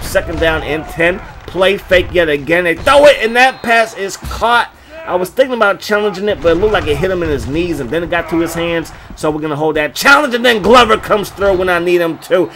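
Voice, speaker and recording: A man doing play-by-play commentary over a football video game, excitable and breaking into loud bursts on big plays. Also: on the high side, fairly quick, hardly any pauses.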